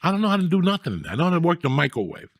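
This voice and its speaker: Gravelly man telling stories. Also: on the high side, very animated, racing, no room sound, clean studio sound. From New Jersey. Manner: profane, blunt, rambling storyteller. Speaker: storyteller guest. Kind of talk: casual storytelling chat.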